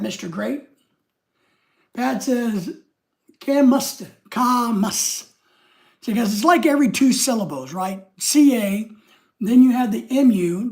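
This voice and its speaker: Older guy chatting on his livestream, rambles, reads chat out loud, pretty high voice. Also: creaky. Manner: rambling, reads chat comments aloud, greets viewers. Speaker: livestream host.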